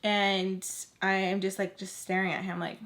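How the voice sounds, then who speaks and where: Animated young woman telling a story. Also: medium pitch, moderate pace. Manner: animated, slangy, swears, heavy "like". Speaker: vlogger. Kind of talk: casual storytime.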